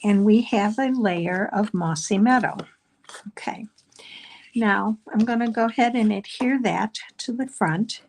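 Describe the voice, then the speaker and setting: A woman's voice: medium pitch, moderate pace, hardly any pauses, background noise. A middle-aged woman leading a live card-making class, explaining each step in a chatty way with frequent ums. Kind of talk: live crafting class demonstration.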